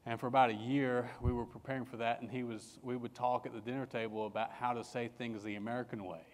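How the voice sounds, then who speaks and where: A middle-aged man from England preaches as a pastor, telling a personal story with frequent restarts and repeated words. His voice sits at an ordinary pitch. It rings out in a large hall with a long reverb. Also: little pitch movement, quick pace. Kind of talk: sermon.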